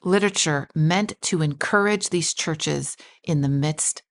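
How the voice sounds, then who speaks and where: This woman pastor has a deep, unhurried voice. On a podcast, she talks through a Bible passage in conversation, reading verses aloud and asking guiding questions.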